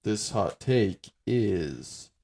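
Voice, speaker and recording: A man co-hosting a podcast in relaxed casual chat, drawing out his phrases. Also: on the low side, very slow, vocal fry. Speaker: podcast co-host.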